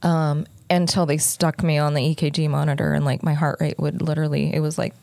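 A woman's voice: low voice, level tone, brisk, creaky, a little mellow, no echo. A middle-aged woman hosting a podcast, candidly telling a personal story in a conversational way with many fillers. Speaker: podcast host.

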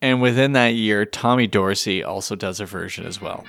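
A man's voice: on the low side, moderate pace, vocal fry, a bit bright, no echo, soft background music. Chatty male podcast co-host, dry sound. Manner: chatty, joking, plays song clips. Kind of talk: casual chat.

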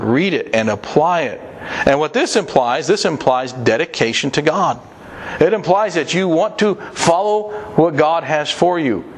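A man's voice: medium pitch, slight background noise. A man preaching a sermon, reading scripture and urging listeners in an earnest, repetitive way.

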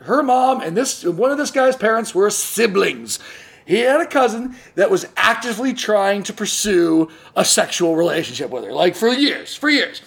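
High, lively rambling comic host. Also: male voice, normal speed, creaky. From California. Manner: rambling storyteller, laughs often. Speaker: podcast host. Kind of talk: casual comedy podcast chat.

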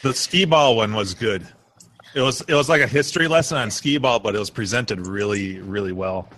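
A man in a casual podcast chat, recounting a presentation with enthusiasm and some halting starts. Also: on the low side, fairly bright tone.

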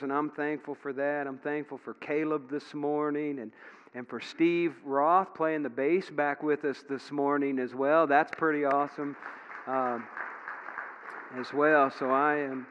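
A man's voice: on the high side, level tone, a little slow, smooth, some chatter behind. A middle-aged man preaching a sermon as pastor in a church, telling folksy stories with plenty of fillers. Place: church sanctuary. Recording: dull sound with long hall reverb.

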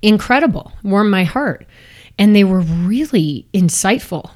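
A woman hosting a podcast interview, enthusiastic and quick to laugh. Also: medium pitch, lively intonation, a little mellow. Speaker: podcast host. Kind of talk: casual interview.

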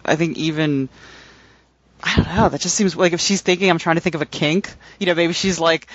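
A rambling podcast co-host, a man with a fairly high voice, talking casually with many fillers. The recording sounds dull and lo-fi. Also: a little fast, fairly bright tone, dry recording. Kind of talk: casual book discussion and reading.

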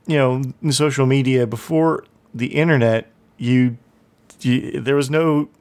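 A man co-hosting a casual podcast chat, reminiscing in a halting way with many restarts. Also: mid-range voice, darkish tone, clear, resonant tone. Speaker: podcast co-host.

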